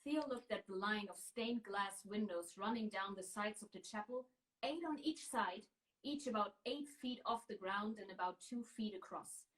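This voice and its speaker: A woman reading a novel chapter aloud with expressive delivery. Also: mid-range voice, poor audio. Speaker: reader.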